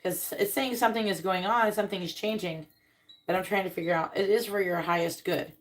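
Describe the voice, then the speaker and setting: A woman doing a casual live tarot reading, reading card meanings aloud and speaking bluntly, with swearing and quick comic voices. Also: mid-range voice, fairly even intonation. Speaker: tarot reader on a live stream.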